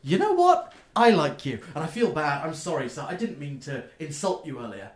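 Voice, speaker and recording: Man doing a squeaky bubbly girl gnome shopkeeper. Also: sing-song, moderate pace, roomy sound. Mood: apologetic. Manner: high, chirpy and loud. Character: bubbly young female gnome shopkeeper, wide-eyed.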